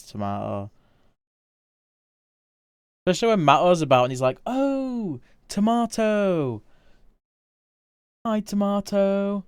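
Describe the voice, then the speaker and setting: Easygoing male streamer, smooth voice. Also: medium pitch, dry recording, clean studio sound. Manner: easygoing, rambling, chatting with viewers. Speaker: livestreamer. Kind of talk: casual livestream chat while drawing.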